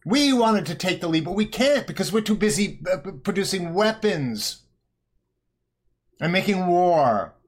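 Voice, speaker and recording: A man's voice: fairly high pitch, a bit bright. A man doing a mocking impression of a scolding older woman official.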